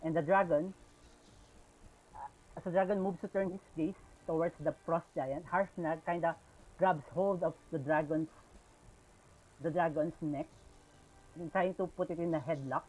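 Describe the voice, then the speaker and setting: A man's voice: fairly high pitch, fairly even intonation, moderate pace, pauses often, darkish tone, poor audio. A man with a Filipino accent narrating a tabletop game as game master, with many fillers, switching between English and Tagalog.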